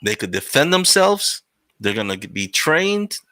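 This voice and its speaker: A man hosting a casual podcast chat, relaxed and prone to restarts. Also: mid-range voice, unhurried, no echo. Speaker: podcast host, transit worker.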